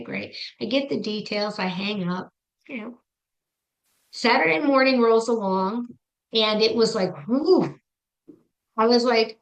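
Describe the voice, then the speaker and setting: A middle-aged woman telling a personal story as an interview guest, animated and acting out her own past reactions. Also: mid-range voice, low-quality recording. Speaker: psychic medium guest.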